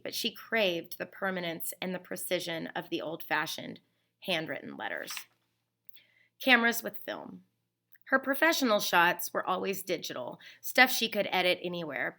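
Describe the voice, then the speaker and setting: With a creaky, lower-pitched voice, a woman narrates a novel told in the first person. Emotional lines get a slower, expressive treatment.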